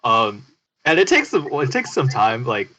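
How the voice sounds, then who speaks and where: A man's voice: medium pitch, normal speed, poor audio. Easygoing man telling a travel story. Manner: relaxed storytelling, laughs at himself. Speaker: podcast co-host. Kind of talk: casual chat.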